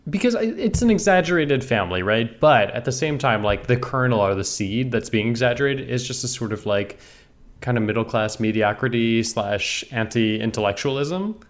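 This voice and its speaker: A man's voice: mid-range voice, animated, normal speed. A man co-hosting a casual podcast, thoughtful and analytical, hedging with fillers. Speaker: podcast co-host.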